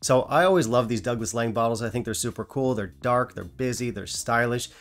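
A man's voice: mid-range voice, brisk, faint music behind. A man hosting a whisky review channel, talking casually with dry, self-mocking humor and a non-British English accent.

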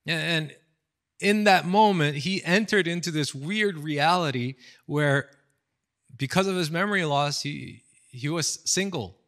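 This American man in his thirties speaks unhurriedly, his voice a little high. As a pastor, he tells stories in a loose, lively sermon packed with fillers and quotes he acts out, recorded indoors for an online seminar.

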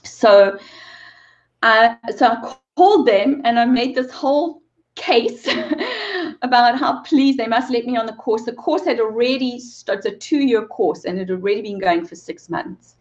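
A woman's voice: a little high, animated, a little slow, lo-fi sound. A woman in her forties, a movement coach and interview guest, telling an emotional personal story with earnest repeated phrases and bits of laughter.

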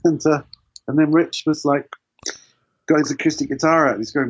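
Husky man telling road stories. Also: on the high side, steady tone, moderate pace, long pauses, dull audio. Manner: rambling anecdotes, many restarts and "you know". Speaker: guitarist and producer guest. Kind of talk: casual storytelling interview.

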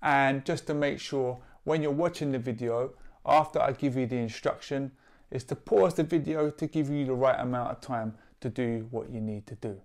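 An upbeat man guides young writers through rhyming exercises. He speaks in a clear, encouraging teacher-like way and gives playful example rhymes. His pitch sits in a middle range. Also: fairly even intonation, normal speed, a little mellow. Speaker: poet and workshop leader. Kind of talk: instructional video for young writers.

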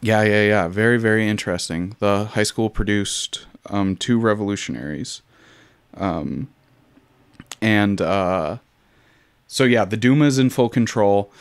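A man with a lowish, smooth voice walks through history in a relaxed, chatty way. He fills pauses with ums and drops wry asides. The sound is dry and close, with no room around it. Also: dry recording. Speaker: podcast host. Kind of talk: casual history chat.

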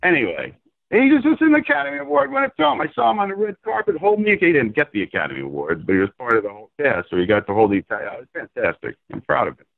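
A man being interviewed over the phone about his low-budget film, telling stories in an animated, excitable, profane way. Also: rapid-fire, vocal fry, dry recording. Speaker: filmmaker guest. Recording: tinny dry phone line.

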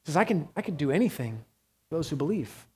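A man preaching a sermon as pastor, earnest, moving between hushed quiet passages and raised urgent ones. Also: fairly high pitch, very animated, fast talker, slightly rough.

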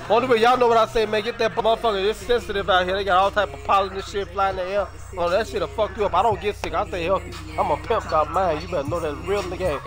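A young man from Chicago with a Chicago accent, chatting casually on his stream in slangy, profane talk full of drawled repeats. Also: high-pitched.

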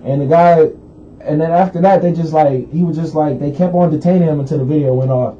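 On a radio talk show, this co-host rambles casually through a news story with plenty of fillers. He speaks fairly quickly in a higher voice, steady and dark in tone, and the lo-fi broadcast is dull with a faint hiss.

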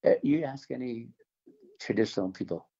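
A man from the Navajo Nation, older, giving an earnest religious testimony in an interview, halting and restarting his words. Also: mid-range voice, expressive, dark tone, dull audio. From Navajo Nation, American Southwest. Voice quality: gravelly, husky. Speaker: interview guest.

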